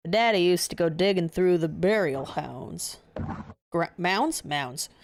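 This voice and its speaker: A woman voicing a gruff rustic male fisherman in a video game, talking in a folksy dialect full of "eh" and "ye". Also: fairly low pitch, animated, slow pace, a little hiss or hum.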